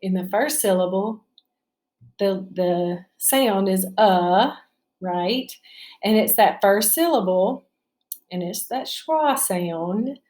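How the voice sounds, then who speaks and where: A slow, patient woman teaching a spelling lesson to children. She sounds out each syllable carefully, pausing often and checking in with "right?" Her voice sits at a middle pitch. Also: expressive, darkish tone.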